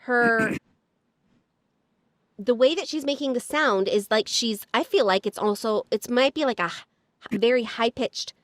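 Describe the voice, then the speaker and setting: A woman's voice: fairly high pitch, slow, pauses often, a bit bright, no echo, clean studio sound. A woman hosting a podcast in casual chat, upbeat and encouraging, with lots of fillers. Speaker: podcast host.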